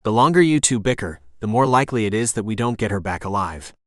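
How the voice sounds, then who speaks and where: A man's voice: lowish voice, expressive, quick pace, a bit bright, dry recording, studio quality. A man voicing a blunt young woman who keeps the peace in a bossy, exasperated, no-nonsense way, read from an audiobook.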